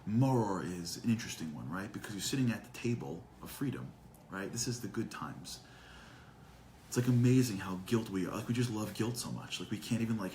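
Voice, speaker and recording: A man with a lowish voice teaches a live class, full of rhetorical questions. He quotes Hebrew texts and explains them. A faint hum sits behind him. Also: rough recording. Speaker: Torah teacher.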